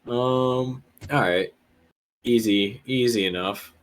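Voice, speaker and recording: A man's voice: fairly low pitch, slow, a little hiss or hum, poor audio. A man playing a tabletop game, hesitant and thinking aloud. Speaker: player. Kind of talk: casual tabletop play.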